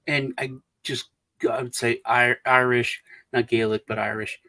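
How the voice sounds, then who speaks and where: A man's voice: mid-range voice, little pitch movement, measured pace, pushed and bright, low-quality recording. A middle-aged man co-hosting a casual livestream chat, rambling with restarts and trailing off as he tells anecdotes. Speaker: co-host.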